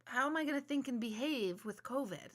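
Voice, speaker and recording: A woman's voice: sits high, lively intonation, brisk. A woman in her forties, an intuitive medium hosting a live stream, chatting casually with viewers, rambling and joking at her own expense while she searches for words. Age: 40s.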